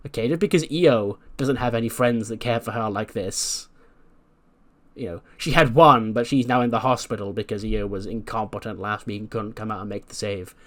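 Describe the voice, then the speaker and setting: A man's voice: fairly low pitch, normal speed, lightly acted. Guy doing a mouthy lady wrestler, picks fights, rambles and trips over words. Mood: scolding. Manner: rambling, stumbling restarts. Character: brash female wrestler, combative and boastful.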